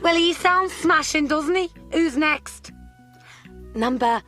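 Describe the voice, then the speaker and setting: Cartoon dating-show hostess, gushing, showy, bright high voice, slow and lilting. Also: female voice, soft background music, full character voice. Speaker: game show host.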